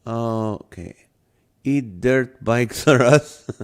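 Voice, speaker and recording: Man, accented English, casual live-stream host, joking and laughing, mid-pitched voice. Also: extremely slow. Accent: non-native English accent. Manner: jokey, laughs often, greets viewers by name. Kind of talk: casual live-stream chat reading viewer comments.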